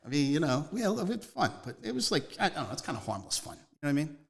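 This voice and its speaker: A man's voice: fairly high pitch, very animated, rapid-fire, gravelly. Rambling man telling stories. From Northeast Philadelphia. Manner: rambling, emphatic, jumps between stories. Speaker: guest. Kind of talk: casual storytelling interview.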